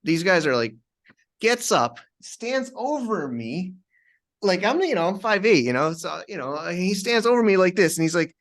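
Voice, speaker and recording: Give me a male podcast guest recounting a story in halting, animated bursts. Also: sits high. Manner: halting, many restarts, animated retelling. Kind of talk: conversational storytelling.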